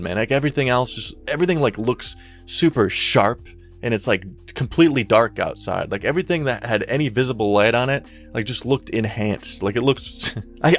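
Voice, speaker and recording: A young man telling a story in a casual, rambling way, full of slang and swearing. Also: medium pitch. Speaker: YouTuber storyteller.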